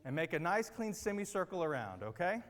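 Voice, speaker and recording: Animated man coaching children in a hall. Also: high-pitched, a little fast. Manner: upbeat, coaxing instructions with many check-in questions. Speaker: children's church teacher. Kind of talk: leading a children's group activity. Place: large room with a platform. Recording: long reverb of a big hall.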